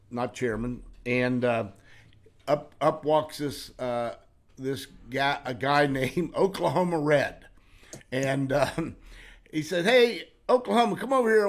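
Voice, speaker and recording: An older man hosting an interview, telling lively anecdotes, laughing often and acting out quoted lines. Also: medium pitch. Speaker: interview host.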